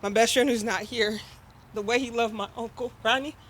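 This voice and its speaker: A woman's voice: fairly high pitch, steady tone, moderate pace, a bit bright, slight background noise. A woman speaking at her father's memorial, casual and heartfelt, chatting with the gathered crowd. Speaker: eulogy speaker, daughter of the deceased. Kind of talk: emotional memorial speech.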